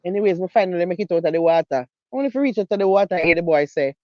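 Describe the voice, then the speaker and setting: A woman with a Jamaican accent talking in patois in a casual live-stream chat, animated and emphatic. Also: fairly low pitch, rapid-fire, dry recording, muffled recording. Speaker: co-host.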